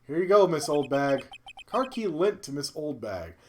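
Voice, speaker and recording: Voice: medium pitch, sing-song, moderate pace, a little mellow, a little hiss or hum, pitched below the performer's own voice, close to an everyday voice. Streamer reading a polite rookie lawyer. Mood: puzzled. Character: young male rookie defense lawyer. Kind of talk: reading game dialogue aloud on stream.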